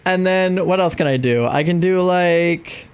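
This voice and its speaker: A woman's voice: fairly low pitch, measured pace, clean tone. Rambling woman streamer, filler-heavy and laughing a lot as she chats while gaming. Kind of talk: casual chat while gaming.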